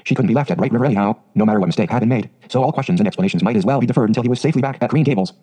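A man narrating a storybook with steady, scripted reading. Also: medium pitch, rapid-fire, breathy edge, poor audio. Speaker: audiobook narrator.

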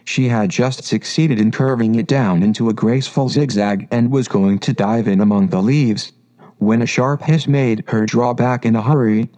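A man narrating a classic children's story in a calm, measured reading voice. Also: medium pitch.

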